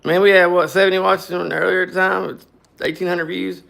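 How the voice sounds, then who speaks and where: Gravelly guy, kinda high voice, joking around on a garage live stream. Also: little pitch movement, brisk, a bit bright. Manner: loose, joking, rambling. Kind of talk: casual live-stream chat.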